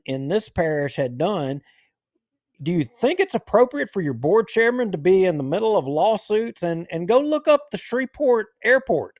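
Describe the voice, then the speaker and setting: A man's voice: fairly high pitch, darkish tone, dry recording, clean studio sound. A man hosting a talk show, giving heated, indignant political commentary. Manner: ranting, indignant.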